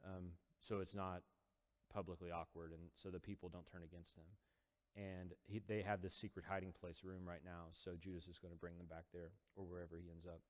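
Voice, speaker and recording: Male teacher, lower register, casual storyteller, big echoing room. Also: little pitch movement, fairly quick. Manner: conversational, many fillers, acts out quoted lines. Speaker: teacher retelling a scripture story.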